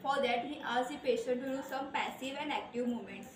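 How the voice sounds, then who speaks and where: A woman explaining a classroom demonstration, pausing with fillers. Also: high voice, background noise. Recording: distant voice in an echoey room.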